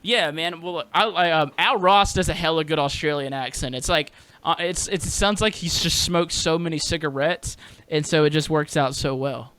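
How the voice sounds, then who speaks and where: Male podcast host, somewhat high voice, slangy bro talk. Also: moderate pace, fairly bright tone, clear, resonant tone. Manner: slangy, bro-ish, swearing. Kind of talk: casual interview chat.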